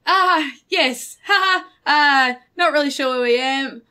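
A woman's voice: high voice, unhurried, sharp tone. A woman with a New Zealand accent playing a charming, apologetic male bird adventurer, giggly and eager. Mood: friendly.

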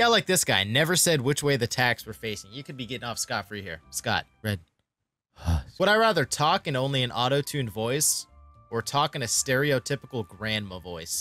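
Casual young man chatting to viewers. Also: mid-range voice. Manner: loose, slangy, swears, reacts loudly to questions. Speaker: YouTube gamer host.

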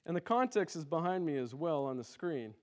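A man preaching a sermon in a church, impassioned, rising to loud cries and then dropping low and quiet. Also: very animated, brisk. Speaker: pastor. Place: church sanctuary.

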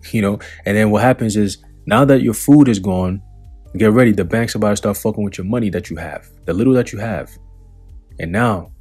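A man's voice: lowish voice, a little mellow, slightly rough. A man reading news quotes aloud and commenting on them in a profane, preaching tone, with sardonic asides. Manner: reads quotes then comments, mocking and sardonic laughs. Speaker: religious commentator.

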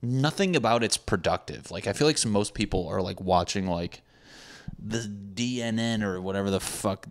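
A young man with a low voice rambles through a comedy podcast monologue. He swears freely and layers his talk with sarcastic asides. It sounds casual and unscripted. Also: normal speed. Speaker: podcast host. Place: apartment building with hammering neighbors.

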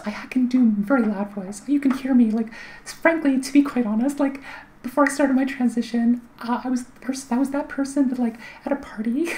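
A woman vlogger gives voice tips in a high, mellow voice that's light and carries little volume. She explains things casually and chattily, with fillers and restarts, over slight background noise and poor audio.

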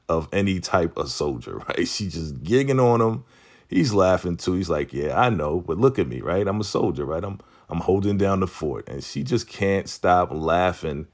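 A man with a very low, deep voice talks through a TV episode recap in a casual, chatty way. He retells scenes with energy, slips into the characters' lines as he goes and laughs often along the way. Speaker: recap host.

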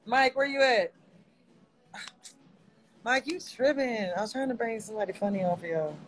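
A woman's voice: a little high, moderate pace, poor audio. Woman doing her live stream, easygoing and playful, calls everybody baby. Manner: affectionate, playful, laughs often. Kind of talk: casual live stream chat.

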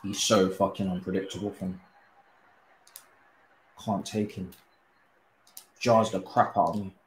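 Exasperated young man, low voice, echoey. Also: flat delivery, unhurried, slight background noise. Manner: exasperated, swearing, frequent sighs. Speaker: gaming streamer. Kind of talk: live gameplay commentary.

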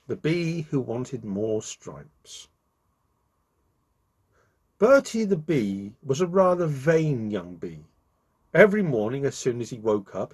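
A man hosting his own channel, reading a children's story aloud with expressive delivery. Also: a little high, husky.

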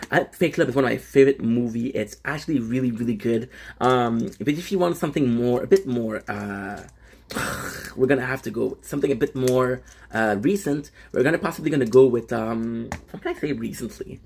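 A man's voice: mid-range voice, gravelly, a little mellow, breathy edge. A young French Canadian man hosting a casual livestream, chatting and greeting viewers by name with frequent restarts. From Quebec, Canada. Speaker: livestream host.

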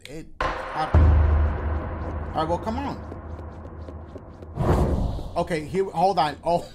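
A man giving jokey, excitable commentary while playing a horror game, talking in slang and shrieking at scares. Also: sits high. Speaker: gaming YouTuber. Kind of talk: horror let's play commentary. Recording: loud game music behind.

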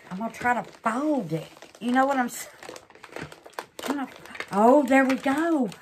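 A woman's voice: mid-range voice, background noise. A woman chats through a resin craft demo, exclaiming and calling her viewers babies. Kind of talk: casual craft demo chat.

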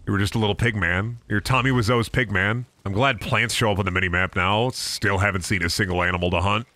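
A man's voice: lowish voice, steady tone, fast, no echo. A young man streaming a video game, ranting and joking with lots of swearing. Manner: profane, jokey rants, swings into loud silly bits. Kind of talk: casual gameplay commentary.

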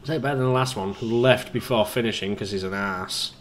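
A man casually commentating on his own gameplay, excitable and rambling, chatting to his viewers as a let's play host. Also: lowish voice, a little fast, slight background noise. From Britain.

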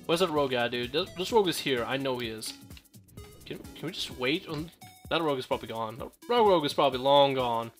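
A man's voice: mid-range voice, expressive, a little fast, soft background music. A young man giving casual, joking gameplay commentary, full of profane trash talk and rambling asides.

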